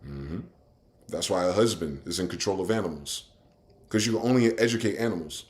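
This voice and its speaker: A man hosting his own show, ranting and swearing while he reads word definitions aloud, swinging between loud outbursts and low muttering. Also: fairly quick. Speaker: podcast host.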